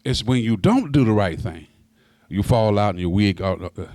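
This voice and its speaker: Man in his sixties, pastor preaching a sermon, folksy, stammering repeats, swooping pitch, dry close sound. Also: normal speed, dry recording. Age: 60s. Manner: animated preaching, pitch climbing high on emphasis, stammered repeats; folksy, talks straight to the congregation.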